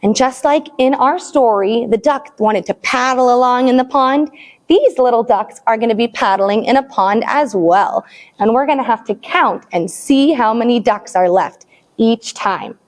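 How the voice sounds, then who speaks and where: A woman librarian reading a picture book aloud to small children, expressive and animated, then leading a counting rhyme. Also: a little high, a little slow. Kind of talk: storytime read-aloud.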